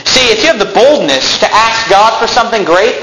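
A man preaching a sermon in a church, animated, acting out quotes and bursting into shouts. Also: high-pitched, fairly quick, reverberant, noisy background.

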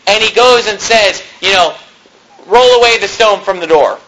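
A man with a very high, bright voice preaching a sermon. He reads scripture aloud and then retells it in everyday words, often asking his listeners rhetorical questions. A faint noise sits under his voice. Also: normal speed, poor audio.

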